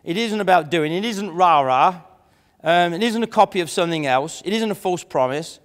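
A man giving a lively motivational seminar talk to an audience, chatty and full of mimicked voices. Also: high voice, moderate pace. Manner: animated, conversational, mimics imagined voices. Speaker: motivational speaker. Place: large room before an audience. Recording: echoey hall.

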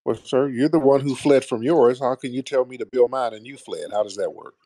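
A man's voice: medium pitch, a little fast, warm tone, no room sound. A man hosting a call-in show, sarcastic and combative, trading insults with callers and calling them sir.

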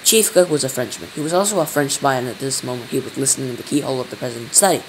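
A man reading a children's book aloud in a steady way, with small slips. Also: mid-range voice, rapid-fire, slight background noise, poor audio. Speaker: storyteller.

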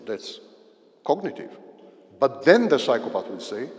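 Male psychology lecturer, animated delivery, repeats points, reverberant lecture hall. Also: medium pitch. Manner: explains slowly, repeats key phrases, gives everyday examples. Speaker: visiting psychology professor. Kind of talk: university lecture.

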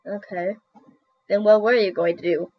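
A woman's voice: mid-range voice, steady tone, moderate pace, slightly rough, dry recording. A woman chatting casually as she draws, exclaiming and poking fun at her own mistakes, picked up on a computer mic. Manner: chatty, exclamatory, self-mocking. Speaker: drawing video host. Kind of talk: casual commentary while drawing. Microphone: computer mic via screen recorder. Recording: dull dry computer-mic recording.

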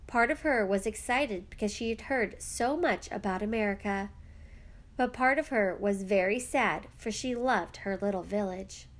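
A woman reading a children's picture book aloud with gentle, expressive storytelling. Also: medium pitch, moderate pace.

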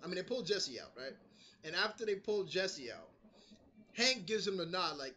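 Animated high-voiced New man. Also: normal speed. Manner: animated, swears freely, acts out quotes. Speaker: TV episode reviewer. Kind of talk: casual spoken review. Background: street construction noise.

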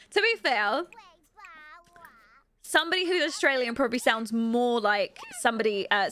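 A woman's voice: a little high, a bit bright. A young British woman chatting casually while streaming a life-simulation game, reading and answering chat and giggling often. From Britain. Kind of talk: casual gameplay commentary.

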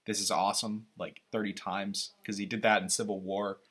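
Bright-voiced man reacting to a trailer. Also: fairly low pitch, level tone, husky. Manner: rambling, halting, opinionated. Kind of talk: casual reaction commentary.

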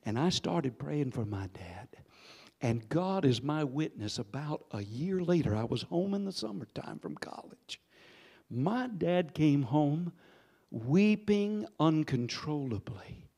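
A pastor in his sixties preaching a sermon, telling a story with sudden swings between hushed and loud delivery and calling on the congregation to respond. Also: on the high side, big pitch swings, slow pace, creaky, slightly rough. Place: church sanctuary.

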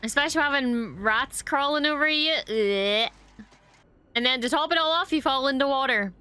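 A woman's voice: high-pitched, normal speed, bright, forceful tone, no echo. A young woman hosting a reaction video, chatting casually and expressively, swearing often and gushing over what she watches.

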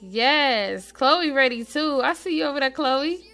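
A woman hosting a casual let's-play, chatting straight to her viewers and swinging between quiet murmuring and excited squeals. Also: sits high, moderate pace, soft background music. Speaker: gaming channel host.

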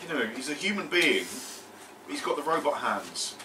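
A man's voice: on the high side, big pitch swings, normal speed. A man playing a tabletop game, chatting casually and joking while he thinks aloud. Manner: jokey, thinking aloud with fillers. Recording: distant mic, noisy room.

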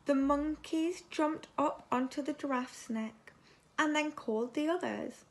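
Reading a children's story to her class, a teacher brings plenty of expression and occasionally turns to quiz the children. Her voice is high and a little slow, with fairly even intonation.

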